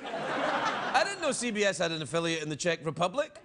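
Scottish man, talk show host, animated, bright, noisy studio audio. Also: high-pitched, fairly quick. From Scotland. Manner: playful, laughing often. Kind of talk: comedic banter, reading viewer mail.

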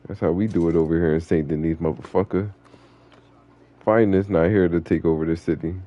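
A man's voice: low voice, fairly even intonation, brisk, highs cut off. A young man streaming an online game, chatting with viewers in a laid-back, slangy, profane way. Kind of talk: casual live-stream chat.

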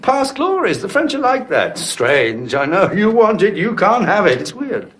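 An actor playing a suave, breezy estate agent. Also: male voice, sits high, sing-song, unhurried, a bit bright, husky, heavily acted. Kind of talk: TV drama acting.

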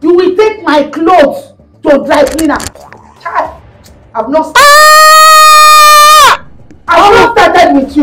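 A woman playing a bossy, scolding Nigerian mother-in-law in a comedy skit, mocking her daughter-in-law and shouting in bursts. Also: very high-pitched, reverberant, exaggerated voice, poor audio.

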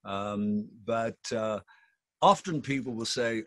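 A man's voice: mid-range voice, moderate pace, fairly bright tone, no room sound. A man in his sixties with a Yorkshire accent, chatting playfully in an interview with theatrical, jokey asides. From England. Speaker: rock singer.

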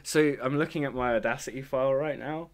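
A woman's voice: extremely low pitch, fairly quick. Playful young woman co-hosting a comedy podcast. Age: 20s. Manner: playful, joking, laughs often. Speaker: podcast co-host. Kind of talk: casual comedy chat. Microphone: computer mic on a voice call.

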